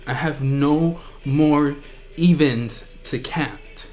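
A man hosting a reaction video, gushing with excitement and often breaking into shrieks and squeals. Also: fairly high pitch, extremely slow, soft background music. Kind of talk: excited fan reaction commentary.

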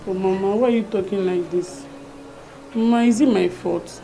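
A woman's voice: medium pitch, normal speed, dark tone, faint music behind, lightly acted. An actress playing a young woman in a film drama, insistent and pleading as she refuses to marry. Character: young woman defiantly refusing an arranged marriage. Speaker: daughter.

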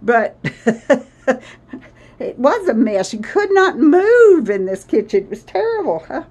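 Rambling and laughing often, a vlogger chats casually with her viewers from her country cottage kitchen, sounding a little out of breath. Her voice is high and a bit mellow, with a sing-song lilt at a moderate pace.

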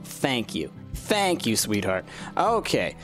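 A man's voice: mid-range voice, huge pitch swings, takes it slowly, fairly bright tone, soft background music. A man hosting a let's-play, chatting casually and animatedly over gameplay and cooing at the game's creatures.

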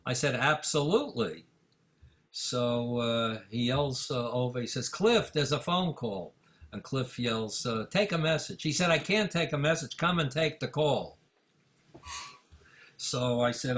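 An older man, a music manager, telling a story in an interview, full of fillers and acting out the dialogue with rising excitement. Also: medium pitch. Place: office in Manhattan.

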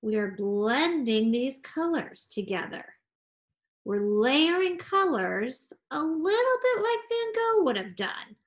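Woman, art teacher, children's lesson, unhurried, sing-song, encouraging. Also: sits high, sing-song.

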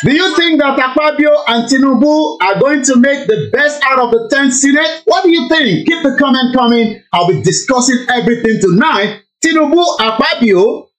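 A woman's voice: sits high, moderate pace, few pauses, poor audio. A Nigerian woman hosting a radio talk show, chatting with listeners, exclaiming and slipping into pidgin. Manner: laughs often, exclaims, mixes in pidgin. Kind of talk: lively radio commentary with listener shout-outs.

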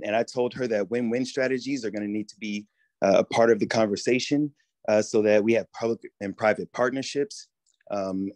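A man giving a public comment at a town meeting, speaking hesitantly with many pauses and fillers. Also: fairly low pitch, a little mellow, dry recording.

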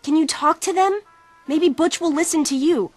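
A woman's voice: high voice, normal speed, no room sound, faint music behind, natural voice. An actress playing an annoyed teenage girl who is exasperated and pleading.

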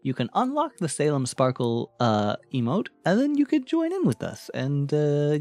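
A man chatting casually on a live stream, playful and quick to laugh, shifting his voice from bright to low. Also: wildly swooping pitch, dry recording, faint music behind.

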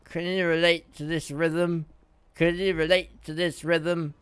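A man's voice: on the high side, level tone, a little slow, fairly bright tone, smooth, no room sound. A man voicing a scruffy, rowdy hobo in a role-play game, sing-song and chanting a catchphrase. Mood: silly.

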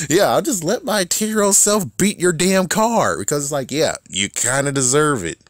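A man's voice: fairly high pitch, wildly swooping pitch, measured pace, no room sound, clean studio sound. A man in his thirties ranting casually about a show, rambling and swearing, with frequent laughs. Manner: rambling, profane, laughs often. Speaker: YouTube show reviewer. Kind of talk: casual rant.

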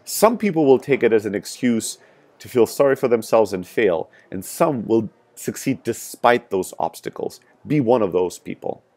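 A man's voice: lowish voice, expressive, normal speed, a little mellow. A man with a strong European accent, a sales startup founder, giving emphatic, frank advice straight to camera with frequent "right?" asides. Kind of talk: motivational talk to camera.

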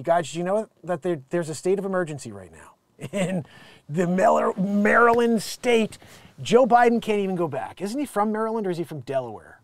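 Male comedy news host, high, lively voice, rambling jokey riffs. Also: moderate pace, dry recording. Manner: rambling, jokey, jumps between loud and muttered asides. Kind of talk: riffing comedy commentary on news.

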